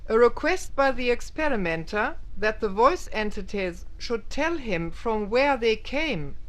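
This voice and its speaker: A woman reading a scripted documentary narration slowly and deliberately, carefully pronouncing foreign phrases. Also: fairly high pitch, animated, poor audio.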